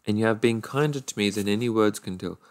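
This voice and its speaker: A man's voice: fairly low pitch, quick pace, lightly acted. A man voicing a dutiful, homesick young fisherman in a storybook reading, speaking earnestly and politely.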